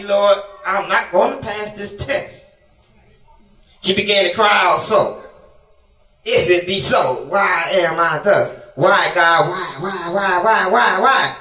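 A man's voice: high voice, bright, forceful tone. A man preaching a sermon, pleading with God in a passionate, swinging delivery. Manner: impassioned, swings between pleading and laughing. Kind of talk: sermon with storytelling. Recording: echoey room, mic from a distance.

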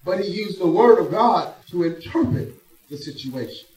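High-voiced preacher in an echoey church. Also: male voice, expressive. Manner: dramatic preaching, swinging between hushed and loud, slow drawn-out emphasis. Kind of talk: sermon. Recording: echoey room, voice from a distance.

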